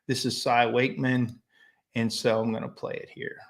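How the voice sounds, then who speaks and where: A man's voice: mid-range voice, level tone, normal speed. Opinionated American man hosting a live stream. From United States. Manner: opinionated, loose and rambling. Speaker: host of a weekly live business show, chimney sweep. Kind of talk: casual live-stream monologue.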